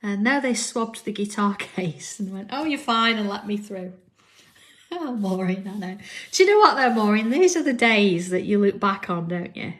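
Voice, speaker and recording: A woman's voice: medium pitch, expressive, normal speed, a bit bright. A woman chatting casually as she draws, reading viewer comments and telling stories, often laughing and dropping to near-whispers for asides. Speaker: crafting livestream host. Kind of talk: casual chat while drawing.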